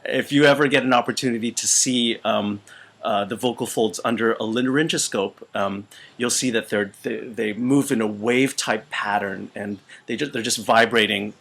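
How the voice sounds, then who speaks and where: A man teaching voice, speaking with a weakened, out-of-shape voice in a halting way full of fillers and restarts. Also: lowish voice, steady tone, vocal fry, a bit bright. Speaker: voice teacher and choir conductor. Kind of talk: casual instructional video. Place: small retreat room.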